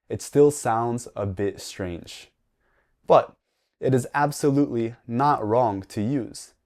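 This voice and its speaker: A young man, reading a scripted English lesson slowly and carefully for learners. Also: mid-range voice, a little mellow. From United States. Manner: slow, careful, deliberate delivery for learners. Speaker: English teacher. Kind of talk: slow scripted lesson narration.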